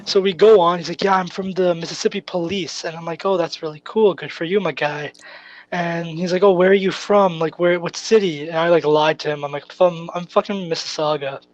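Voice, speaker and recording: A young Canadian man co-hosts a podcast, speaking briskly in a steady, higher-pitched voice on a muffled recording. He chats casually, telling a rambling story full of swearing and laughing his way through it.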